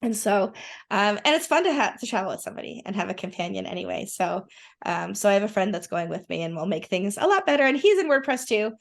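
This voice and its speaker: A woman's voice: medium pitch, very animated, fast, gravelly. A woman chatting as a guest, enthusiastic and rambling with many restarts. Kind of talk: casual conversation.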